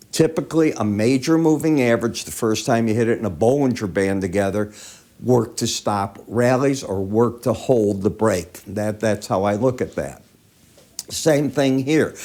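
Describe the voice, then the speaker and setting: A man's voice: medium pitch, darkish tone. A man with allergy sniffles giving conversational chart-by-chart market commentary, asking the viewer rhetorical questions.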